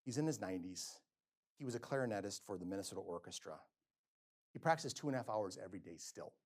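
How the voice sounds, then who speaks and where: A middle-aged male physician giving a lecture, telling stories and acting out quotes with sudden swings between loud and soft. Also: lowish voice, animated, fast. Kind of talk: lecture with storytelling. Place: lecture hall.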